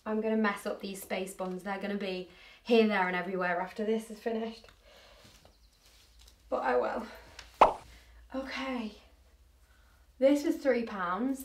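A young woman chatting in a casual clothing try-on haul, bubbly and hyped up. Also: fairly high pitch. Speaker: fashion vlogger. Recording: roomy echo, distant mic, faint noise.

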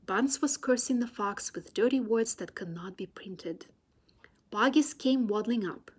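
A woman reading a children's storybook chapter aloud, gentle and soft, sometimes almost whispering. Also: mid-range voice, measured pace, breathy edge. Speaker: children's book reader.

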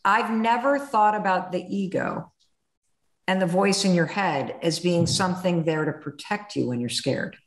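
A woman in her fifties from the United States, hosting a podcast with animated, candid storytelling and some swearing. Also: fairly low pitch, unhurried. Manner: animated storytelling, swearing, acts out inner voices. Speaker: podcast host. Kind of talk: candid conversational interview. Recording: roomy echo.

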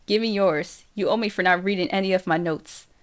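A woman's voice: medium pitch, fairly quick, natural voice. Brief: cocky teen boy, teasing and sure of himself, read by a woman in a mid-range voice.

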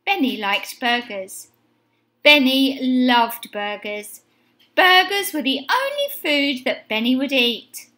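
Slow, lively woman reading a storybook. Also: sits high. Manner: expressive, sing-song storytelling. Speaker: teacher reading a picture book. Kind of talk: storybook read-aloud.

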